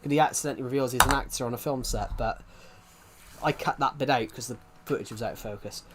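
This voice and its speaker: A crowd can be heard behind this young man as he talks fast in a mid-range voice. In his twenties and streaming a game live, he chats casually, rambling and starting sentences over.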